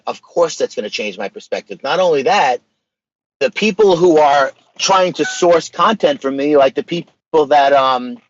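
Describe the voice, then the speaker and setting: A man's voice: medium pitch, muffled recording. A man talking as a podcast guest, emphatic and casual, dropping slang. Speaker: podcast guest, social media page creator. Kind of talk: casual interview conversation.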